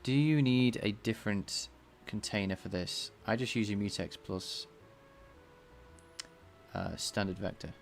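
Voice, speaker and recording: A man with a slightly nasal voice, thinking out loud as he codes live and talks to his chat. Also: on the low side, measured pace, creaky, pauses often, soft background music. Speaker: game developer streaming his coding. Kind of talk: casual live-coding chat.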